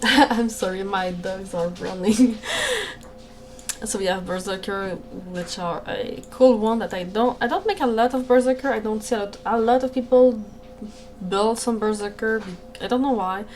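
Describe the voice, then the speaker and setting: A woman's voice: mid-range voice, moderate pace, darkish tone. A woman with a French Canadian accent chatting casually on a livestream from home, apologetic and hesitant, often restarting her sentences. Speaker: streamer and game creator. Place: home room, alone.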